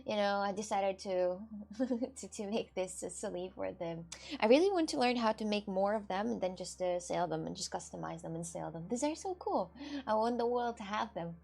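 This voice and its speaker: A woman's voice: mid-range voice, animated, moderate pace, vocal fry, a little mellow. A woman from Russia with a Russian accent, rambling chattily in loose non-native English on a casual livestream with viewers. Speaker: streamer.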